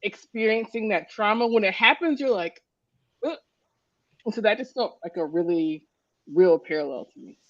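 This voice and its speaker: Expressive woman on a dull-sounding stream. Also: mid-range voice, moderate pace. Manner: expressive, acts out quotes. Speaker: podcast co-host. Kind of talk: casual chat.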